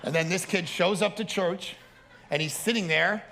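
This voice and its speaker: A male pastor preaching with a gravelly, bright voice. He tells stories in an animated way and prays in a quiet, earnest one. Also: high voice, normal speed, a little hiss or hum. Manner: animated storytelling, turning to a quiet prayer. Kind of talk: sermon.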